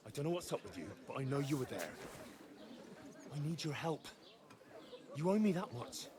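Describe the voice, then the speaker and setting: A man's voice: on the high side, very animated, moderate pace, noisy background. An actor playing a young male peasant hero in a video game, talking in an urgent, pleading way. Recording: game music behind.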